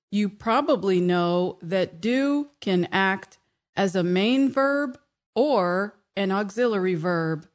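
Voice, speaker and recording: A woman hosting a scripted English lesson, reading with careful, clear stress and pausing for example sentences. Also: mid-range voice. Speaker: English teacher and show host. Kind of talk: slow scripted language lesson.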